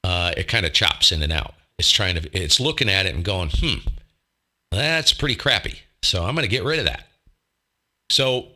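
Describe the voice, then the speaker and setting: A man with a rather low but strikingly bright voice hosts a laid-back radio hobby live stream. He talks close to a desk microphone, wandering through his thoughts with rhetorical questions and a self-deprecating streak. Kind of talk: casual live-stream talk.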